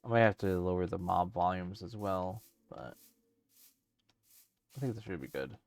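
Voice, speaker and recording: A man's voice: deep voice, animated, moderate pace, gravelly. A man streaming a let's play, rambling casually as he thinks aloud with lots of fillers. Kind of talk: casual let's-play commentary while gaming.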